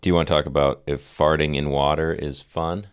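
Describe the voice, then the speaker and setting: A man's voice: extremely low pitch, fairly even intonation, a little fast, clean tone. A man co-hosting a podcast, reading out listener questions in a laid-back way and laughing a lot. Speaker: podcast co-host and producer.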